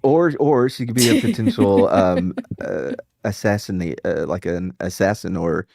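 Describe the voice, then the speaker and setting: A man's voice: low-pitched, moderate pace, creaky, dry recording, clean studio sound. A man hosting a livestream, chatting casually with friends, joking and swearing. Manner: animated, profane, joking. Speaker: streamer host. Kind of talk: casual group chat on a livestream.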